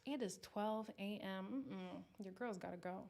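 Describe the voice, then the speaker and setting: Animated woman hosting a live chat. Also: medium pitch, unhurried, vocal fry, slight background noise. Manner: animated, exclaiming and reacting to comments. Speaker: host of a live recap stream. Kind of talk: casual live chat answering viewers.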